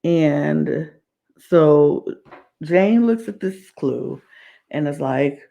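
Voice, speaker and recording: A woman podcast host talks through a reality-show episode in a loose, rambling recap, circling back to say the same thing twice. Her voice has a gravelly, creaky edge. She takes her time, drawing out her words at a slow, easy pace. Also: low-pitched, expressive, dark tone. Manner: rambling, repeats phrases.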